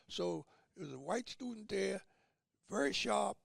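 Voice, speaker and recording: An older man with a high, heavily gravelly voice tells his stories as an interview guest. He acts out the people he quotes with lively shifts of voice. The sound is close and dry. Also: normal speed, no echo. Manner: animated storyteller acting out quoted voices. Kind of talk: storytelling in conversation.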